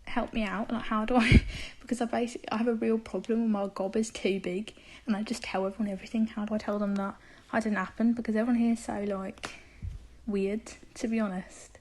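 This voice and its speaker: A woman calling in to a podcast in a put-on Brummie accent that slips into generic British, telling her problem in a rushed, half-whispered way. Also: medium pitch, level tone, darkish tone, a little hiss or hum, poor audio. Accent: put-on Brummie slipping into generic British. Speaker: caller. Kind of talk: voice message to a podcast.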